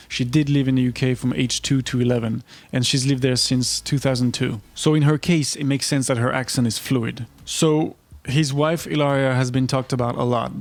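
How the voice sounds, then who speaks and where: A man giving vlog commentary in a wry, incredulous way, with quick asides. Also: mid-range voice, no room sound. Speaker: online commentator.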